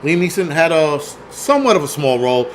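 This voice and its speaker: A man's voice: fairly high pitch, very animated, fast, slight background noise. Profane rambling man hosting a livestream. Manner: profane, rambling, reads chat aloud. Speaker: film review livestream host. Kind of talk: casual livestream chat.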